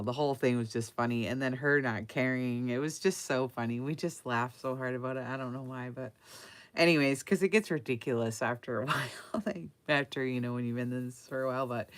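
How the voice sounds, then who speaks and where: A woman talks through a handmade craft journal in a loose, chatty way, full of fillers and little laughs. Her voice sits unusually low for a woman. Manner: rambling, giggly, many fillers. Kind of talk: casual chatty flip-through.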